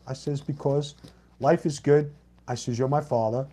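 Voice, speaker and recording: A man's voice: fairly high pitch, measured pace, dark tone, slightly rough. A middle-aged man, a former wrestler, casually telling a story in a blunt, plain-spoken way, voicing both sides of the dialogue in his own voice. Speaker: former pro wrestler and co-host.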